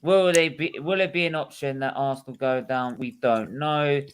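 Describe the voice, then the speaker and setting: A man's voice: mid-range voice, moderate pace, smooth. A man hosting a casual live stream, trying to wrap it up amid interruptions. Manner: flustered, trying to wrap up, laughs often. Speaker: stream host.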